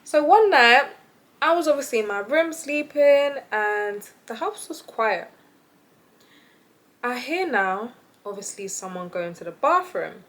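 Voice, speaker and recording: A young woman tells a story in a relaxed, animated way, laughing often as she goes. Her voice sits on the higher side for a woman. Her delivery is chatty and informal, like talking to friends. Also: unhurried. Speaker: vlogger. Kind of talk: casual storytime chat.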